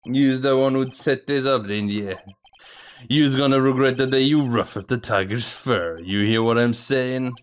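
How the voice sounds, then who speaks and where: A man's voice: mid-range voice, measured pace, clear, resonant tone, close to an everyday voice. A man voicing a tough, menacing loan shark from a video game with a put-on Brooklyn accent. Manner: menacing tough-guy growl.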